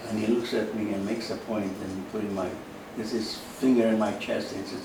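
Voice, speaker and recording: A man, giving a halting personal testimony in an interview, full of fillers and repeats. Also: lowish voice, steady tone, noisy background. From Carpatho-Ruthenia, Eastern Europe. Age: 90s. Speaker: interview guest, Holocaust survivor. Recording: echoey room, mic at a distance.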